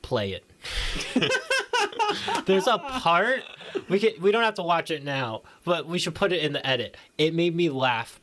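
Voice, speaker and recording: A young man co-hosting a podcast in casual chat, animated and acting out quotes with exaggerated voices. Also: on the high side, measured pace, pauses often. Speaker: podcast co-host.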